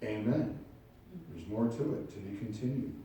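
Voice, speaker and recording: A man's voice: on the low side, animated, normal speed, warm tone, a little hiss or hum. A man preaching a sermon as pastor, acting out little scenes as he tells stories. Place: church sanctuary. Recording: very echoey room, distant from the mic.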